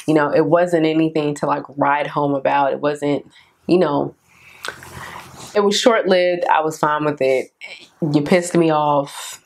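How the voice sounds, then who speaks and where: A young woman vlogger telling a candid storytime about her dating life in a casual, animated way, acting out both sides of the conversation. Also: sits low, measured pace, slight background noise. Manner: candid and animated, quotes others in raised voice. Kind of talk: storytime vlog, casual chat.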